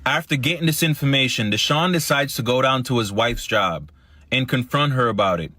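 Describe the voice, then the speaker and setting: A man's voice: medium pitch, fairly quick, bright, forceful tone, dry recording. Man reading a news recap, dry sound. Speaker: news narrator.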